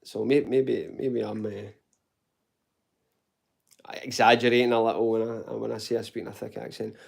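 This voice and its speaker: Somewhat low and slightly rough, this man's gravelly voice shows little pitch movement and keeps a normal speed. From Glasgow, with a muted Glaswegian Scottish accent, he hosts a fitness channel and fields live chat questions during a casual at-home Q&A. He's chatty and informal, calling viewers "mate" and swearing occasionally.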